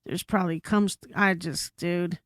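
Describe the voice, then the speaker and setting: A woman guest on a podcast telling a story in casual chat, animated and full of swearing and asides, recorded in a studio. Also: lowish voice, measured pace, dry recording. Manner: animated, profane, frequent asides.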